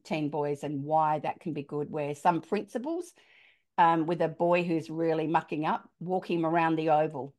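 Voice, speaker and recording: A middle-aged Australian woman talks in a relaxed podcast chat and keeps slipping into the voices of the people in her stories. Her voice sits a little low for a woman. She sounds like an experienced storyteller, expressive and down to earth. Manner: animated storyteller, acts out quoted dialogue. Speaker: parenting author and guest.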